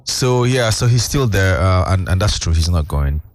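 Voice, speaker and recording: A man's voice: sits low, lively intonation, moderate pace, soft background music. A man, a guest explaining financial news at length in casual chat, with many fillers. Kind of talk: casual radio-style chat.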